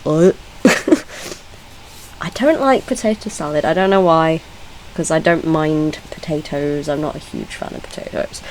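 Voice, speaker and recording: A British YouTuber offers casual reaction commentary, chatty and blunt, laughing and giggling often and correcting herself mid-sentence. Her voice is low, creaky and darkish. The poor audio carries a little hiss or hum.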